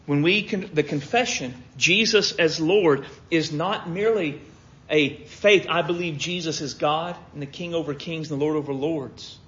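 An American man preaching a sermon with earnest emphasis that swings between loud stresses and quiet low asides. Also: normal speed. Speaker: pastor. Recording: dull lo-fi sermon audio.

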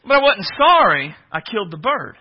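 A man's voice: high voice, sing-song, moderate pace, breathy edge. A man preaching a sermon in a conversational, earnest storytelling manner. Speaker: pastor. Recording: dull lo-fi audio.

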